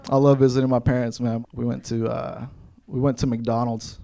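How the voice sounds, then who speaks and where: A man from Kentucky telling stand-up stories on stage to a live audience, with an animated, punchy, conversational delivery into a handheld mic. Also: mid-range voice, moderate pace, creaky. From Kentucky, USA. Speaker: stand-up comedian. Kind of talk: stand-up comedy storytelling.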